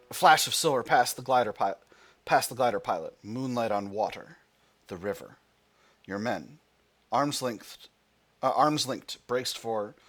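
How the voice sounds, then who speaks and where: A man's voice: medium pitch, a bit bright. A man hosting a let's play, reading the game's text aloud and thinking aloud about his choices, with frequent restarts. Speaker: gaming channel host.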